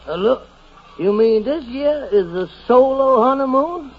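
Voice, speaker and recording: A man's voice: extremely high pitch, lively intonation, a little slow, full character voice. An actor playing a folksy male train porter in an old radio-style drama. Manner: folksy, calls people man. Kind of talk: 1940s radio acting. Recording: muffled old radio recording with hiss.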